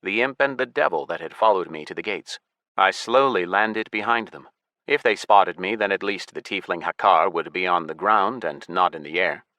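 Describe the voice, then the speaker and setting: A man's voice: sits low, normal speed, bright, forceful tone, dry recording. A man narrating a science fiction audiobook in the first person, wry and matter-of-fact, on a close studio mic.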